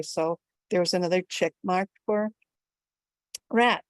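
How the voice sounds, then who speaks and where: An older woman telling a folktale at a storytelling event, with an animated, expressive delivery. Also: fairly low pitch, a little slow, pauses often, dry recording.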